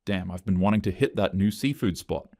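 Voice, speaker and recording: A man voicing an easygoing, carefree young man in a scripted story, relaxed and enthusiastic. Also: low-pitched, fairly quick, dry recording, studio quality. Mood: pleased.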